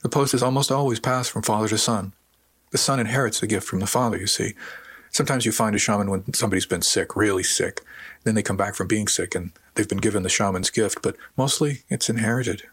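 A man voicing a gentle, wounded woman who speaks softly and hesitantly in an audiobook. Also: lowish voice, fairly quick, breathy edge, dry recording. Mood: subdued. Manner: soft, hesitant, quietly defensive. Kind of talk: audiobook character voice.

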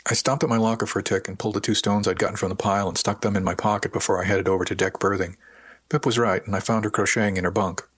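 A man calmly narrating a first-person novel as an audiobook reader, with a husky voice. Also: lowish voice, no room sound. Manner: calm, measured storytelling.

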